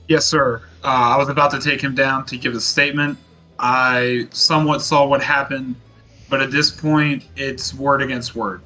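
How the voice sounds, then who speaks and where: Crisp, bright-voiced male player. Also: mid-range voice, level tone, normal speed, soft background music, rough recording. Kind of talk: in-character tabletop play.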